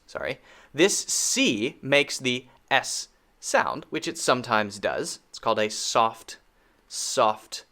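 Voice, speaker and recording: Slow, playful American man teaching pronunciation. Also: medium pitch, bright, forceful tone. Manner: playful, repeats words slowly for drill, drops to near whispers. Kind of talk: casual online pronunciation lesson.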